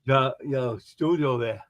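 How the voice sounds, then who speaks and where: A man rambling through funny stories in casual chat, acting out the other people's lines as he tells them. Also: mid-range voice. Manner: rambling joke-telling, acts out quoted voices. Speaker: live stream host.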